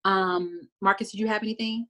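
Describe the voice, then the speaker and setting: امرأة من تكساس تقدم بودكاست بحماس. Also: female voice, medium pitch, a little fast. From Texas. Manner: animated, detailed retelling with many fillers. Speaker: podcast host recapping a TV show. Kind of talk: casual chat.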